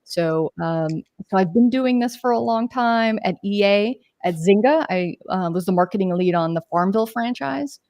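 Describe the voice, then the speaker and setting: A woman's voice: medium pitch, lively intonation, moderate pace, few pauses, darkish tone, no echo. A woman in her forties, a podcast guest telling her career story in a chatty, rambling way with tangents and fillers. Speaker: podcast guest, games marketer. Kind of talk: casual interview storytelling.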